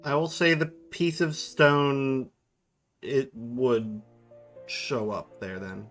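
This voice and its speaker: Male game master, mid-pitch, halting, music bed. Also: fairly bright tone. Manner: hesitant, restarts often while describing. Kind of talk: narrating a tabletop game.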